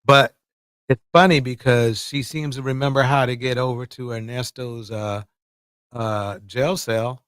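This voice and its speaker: A man's voice: medium pitch, fairly even intonation, measured pace, a bit bright, smooth, no room sound. Joking man hosting a live stream, dry sound. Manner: joking, mocking, laughs often. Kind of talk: casual commentary.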